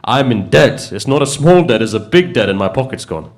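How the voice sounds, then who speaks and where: A man preaching acts out a proud, bankrupt male merchant who pleads loudly in a high, strained voice. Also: expressive, fairly quick, lightly acted. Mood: aggrieved. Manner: pleading, rising high and loud.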